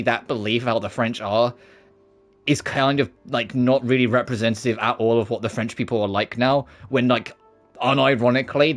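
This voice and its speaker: A man's voice: medium pitch, fairly bright tone. A man from the UK streaming a video game, commenting casually in a rambling, sweary way. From United Kingdom. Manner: rambling, sweary and quick to laugh.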